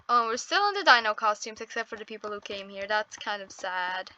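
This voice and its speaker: A woman's voice: mid-range voice, lively intonation, brisk, hardly any pauses, pushed and bright, muffled recording. A woman giving casual gameplay commentary on her first video, nervous and apologetic, exclaiming often. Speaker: first-time gaming video creator.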